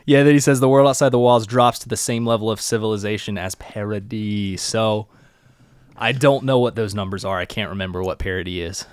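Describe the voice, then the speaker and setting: Young male co-host, relaxed recap chat, low and smooth, dry mic. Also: fairly quick, no echo. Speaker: podcast co-host.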